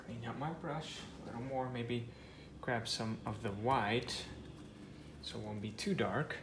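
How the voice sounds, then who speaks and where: A man teaching a step-by-step painting tutorial, talking softly and half-whispering as he works. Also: mid-range voice, steady tone, unhurried, reverberant, background noise. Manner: soft, half-whispered guidance while painting. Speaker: painting instructor.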